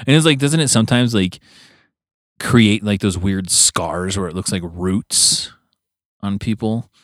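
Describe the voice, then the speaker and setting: A man's voice: lowish voice, big pitch swings, slow pace, long pauses, dry recording, studio quality. A man co-hosting a podcast in casual chat, laid-back and laughing often, sometimes slipping into joking announcer voices. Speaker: podcast co-host. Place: podcast studio.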